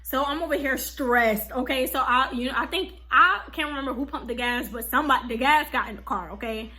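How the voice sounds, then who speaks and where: A young woman vlogger telling a casual storytime, animated and slangy, full of "like" and "okay?". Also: high-pitched, brisk.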